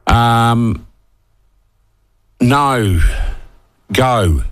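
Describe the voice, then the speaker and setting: A man's voice: medium pitch, animated, very slow, clear, resonant tone. A man in his sixties with a New Zealand accent, hosting talkback radio in a heated, indignant rant, hammering short phrases and reading out listener texts. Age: 60s. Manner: reads listener texts aloud.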